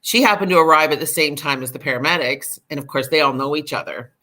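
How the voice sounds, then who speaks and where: On a podcast, a middle-aged woman candidly shares her personal recovery story, her low voice moving at a quick pace. She tells it animatedly, with plenty of fillers along the way.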